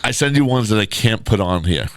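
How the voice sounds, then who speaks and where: A man with a low voice co-hosting a casual podcast, reading reviews aloud and teasing his partner. His delivery is wry, often breaking into chuckles mid-sentence. The recording is dry and close. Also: animated, fairly quick, dry recording. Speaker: podcast co-host, promoter.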